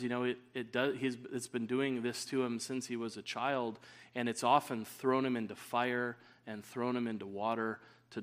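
A man's voice: mid-range voice, a bit bright. A man preaching a sermon, earnest and rising to emphatic stresses.

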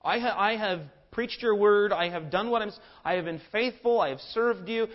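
A man's voice: high voice, normal speed, highs cut off, pitched above the performer's own voice, close to an everyday voice. A man preacher voicing a despairing, self-righteous male prophet who whines and complains. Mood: whining. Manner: whining, exasperated.

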